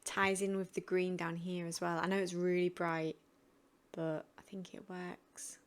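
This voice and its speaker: A woman's voice: on the low side, flat delivery, measured pace. A woman chatting casually as she narrates building in a video game, thinking aloud about each choice. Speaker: gaming channel host.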